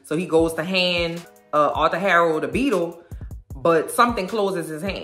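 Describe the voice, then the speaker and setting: A woman with a low voice retells a show episode in loose, animated, slangy chat. She slips into the characters' lines as she goes. The room around her is echoey, with faint music underneath. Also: normal speed. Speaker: video host recapping a show episode. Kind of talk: casual recap chat.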